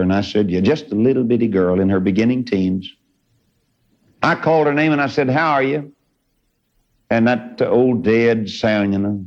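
A man's voice: medium pitch, expressive, moderate pace, darkish tone. A man preaching a sermon in a fervent, folksy way, with sudden rises in his voice. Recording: dull lo-fi recording.

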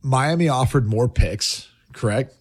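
A man's voice: mid-range voice, unhurried. A man in casual sports debate, pushing back with pointed questions.

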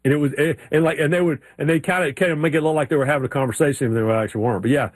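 A man co-hosting a sports radio show, an animated storyteller who slips into drawling voices. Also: on the high side, very fast, no echo. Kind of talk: casual sports chat.

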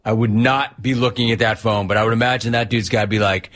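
A man's voice: fairly low pitch, fairly even intonation, fast, hardly any pauses, fairly bright tone. A middle-aged man hosting a sports talk radio show, delivering a brash, punchy monologue. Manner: brash, punchy, mocking quotes in a whiny voice.

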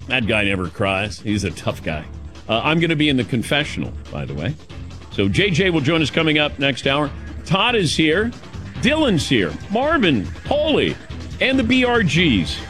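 A man's voice: on the high side, wildly swooping pitch, moderate pace, fairly bright tone, faint music behind. A man hosting a call-in sports radio show, rambling and emotional as he tells a story. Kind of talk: casual call-in talk.

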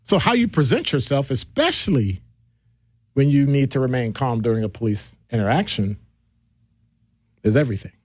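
Animated middle-aged male radio host. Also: normal speed, long pauses, no room sound, clean studio sound. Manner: animated, jokey, shifts pitch for quoted voices. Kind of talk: call-in radio talk.

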